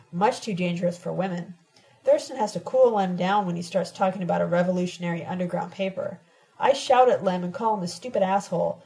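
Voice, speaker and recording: A woman narrating a novel told in letters, reading in a steady, measured first-person voice. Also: mid-range voice, rough recording. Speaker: audiobook reader.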